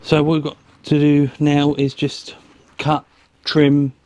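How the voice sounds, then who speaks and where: A man's voice: a little high, monotone, takes it slowly, a little mellow, a little hiss or hum. A man explaining motorbike wiring and soldering step by step. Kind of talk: instructional workshop talk.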